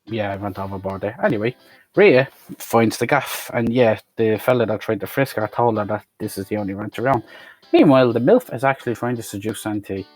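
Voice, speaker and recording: A man's voice: on the low side, brisk, a little mellow, faint music behind. A man recapping a film in a rambling, sweary, sarcastic way. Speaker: film reviewer. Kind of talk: profane comedic movie recap.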